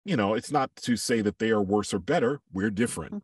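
A man who works as a voiceover artist and coach, speaking as a podcast guest in a measured, reflective way and giving examples. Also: fairly low pitch, lively intonation, breathy edge, dry recording, studio quality, recorded from a distance. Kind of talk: podcast interview, thoughtful conversation.

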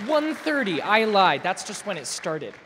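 A man's voice: high-pitched, big pitch swings, a little slow, a crowd in the background, background noise. A young man, a student singer, casually introducing his song to an audience, chatty and joking with many fillers. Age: young adult. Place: recital hall. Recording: echoey hall with music.

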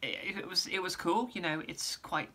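Woman, casual vlogger, losing her voice, lowish pitch, rambly. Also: normal speed, pushed and bright. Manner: rambling, lots of ums and restarts. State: losing her voice, clearing throat. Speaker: musician giving an update. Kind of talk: casual vlog update.

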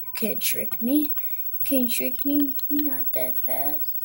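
Lady chatting through a block game, high voice, slow and giggly, quiet music under it. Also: steady tone, creaky, slightly rough. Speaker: gameplay commentator. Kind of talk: casual gameplay commentary.

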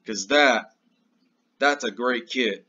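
A man rants through his own political commentary show, swearing freely and leaning hard on each point. He speaks slowly, his voice bright and tense. The recording sounds dull and lo-fi, like a home setup. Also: medium pitch, slightly rough. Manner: ranting, profane, emphatic; slow and drawn out. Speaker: show host.

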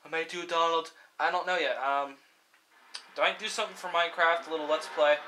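A young man giving casual, excitable let's-play commentary while racing, swearing freely and cheering the cars on. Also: fairly high pitch, a little fast, slight background noise. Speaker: gameplay commentator. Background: game music and car engine sounds.

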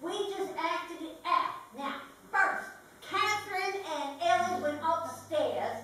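A woman's voice: very high-pitched, animated, slow pace, bright, forceful tone, heavily acted. An actress playing a homey, rambling older Southern lodge-keeper in a live stage comedy, motherly and folksy. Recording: echoey theater stage from far off.

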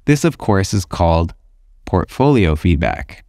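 A man's voice: deep voice, sing-song, a little slow, a little mellow, no room sound, studio quality. A man, an illustrator hosting his own podcast, talking through his ideas in a thoughtful, conversational way. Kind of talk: reflective solo podcast talk.

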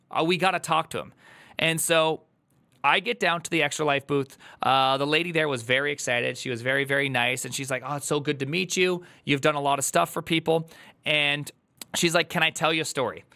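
A man's voice: a little high, creaky, sharp tone. A male streamer telling an emotional, earnest story to his chat, holding back tears. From United States. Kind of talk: casual livestream chat.

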